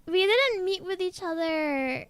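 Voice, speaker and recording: A woman's voice: very high voice, expressive, measured pace, a bit bright, dry recording. A woman with a girlish, childlike voice, telling a story in a giggly, rambling way as a VTuber chatting on stream. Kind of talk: casual stream chat.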